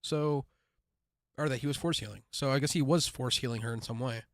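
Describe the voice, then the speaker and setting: Casual male host, chatty reaction streamer with quick asides, dry close sound. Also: medium pitch, no echo. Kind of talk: casual live reaction chat.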